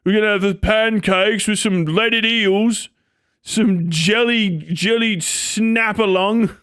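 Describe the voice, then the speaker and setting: A man's voice: high-pitched, steady tone, slow, fairly bright tone, smooth. A man putting on a mocking caricature of a British home cook, in an exaggerated parody voice.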